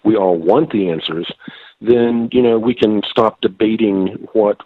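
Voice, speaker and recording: A slightly hoarse man calling in by phone as a guest, talking hesitantly with many fillers and restarts. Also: sits low, dry recording. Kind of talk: phone-in interview. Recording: tinny phone line.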